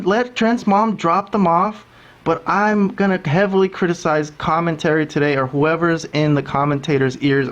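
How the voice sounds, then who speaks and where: A man hosting a wrestling review podcast, talkative, ranting and mimicking commentators. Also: fairly high pitch. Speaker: podcast host. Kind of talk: casual wrestling review chat.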